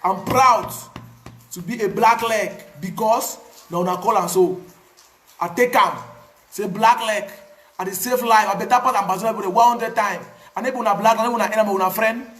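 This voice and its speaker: A man with a Cameroonian Pidgin English accent tells his own story in a casual, animated way, repeating words for emphasis. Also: high-pitched, normal speed, reverberant, soft background music. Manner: animated, repetitive, pidgin phrasing. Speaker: activist.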